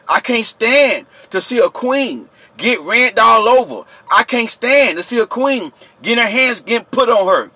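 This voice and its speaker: A man rants to his viewers, preachy and repetitive. He yells in a high, bright voice. The recording is dry and close. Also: lively intonation, a little slow, hardly any pauses, no echo. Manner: yelling, preachy, repetitive, addresses viewers directly. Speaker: channel host. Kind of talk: impassioned vlog rant.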